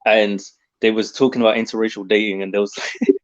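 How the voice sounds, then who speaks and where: A man with a British accent chatting casually as a guest, easygoing and quick to laugh. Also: fairly low pitch, fairly even intonation, dull audio. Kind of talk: casual chat.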